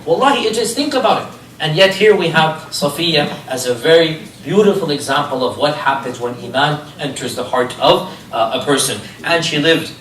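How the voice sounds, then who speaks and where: Animated male lecturer in an echoey room. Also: fairly high pitch, a little hiss or hum. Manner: animated storytelling with rhetorical questions. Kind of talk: religious history lecture. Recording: echoey room, distant mic, faint ambience.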